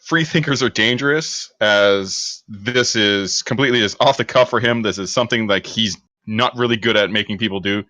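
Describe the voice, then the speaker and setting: Tabletop player, male, bright tone, loose rambling delivery, dry close sound. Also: lowish voice, normal speed, few pauses, no room sound. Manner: loose, rambling with many fillers. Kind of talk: describing his character's actions.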